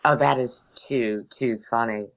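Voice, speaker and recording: A woman's voice: rumbling low, fairly even intonation, unhurried. A middle-aged woman hosting a call-in talk show, telling a family story in a chatty way and laughing between sentences. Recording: tinny phone-like sound.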